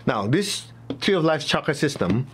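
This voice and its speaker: A man's voice: fairly high pitch, big pitch swings, normal speed, a bit bright, slight background noise. A man teaching a spiritual class in a loose, chatty way, often laughing and acting out little examples. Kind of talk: casual talk to a class.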